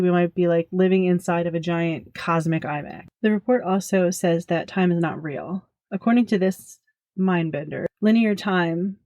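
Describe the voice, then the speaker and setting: A woman's voice: fairly low pitch, a little mellow, dry recording. A woman hosting a podcast in a casual monologue, chatty and giggly, full of jokey self-deprecating asides. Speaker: podcast host.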